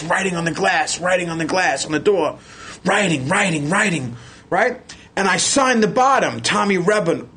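A man telling a long, excited story as a podcast guest, loud and profane as he acts out what people said. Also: on the high side, slightly rough. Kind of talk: animated storytelling.

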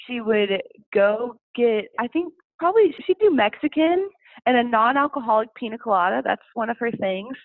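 A woman's voice: on the high side, expressive, moderate pace, no room sound. A woman guest telling family stories in a chatty way, laughing often. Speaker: interview guest. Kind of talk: casual storytelling. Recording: phone-like dry sound.

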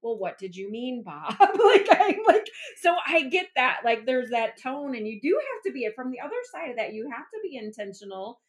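A woman hosting a podcast, chatting casually and responding warmly to her guest. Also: on the high side, sing-song, moderate pace, few pauses. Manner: enthusiastic, affirming. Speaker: podcast host.

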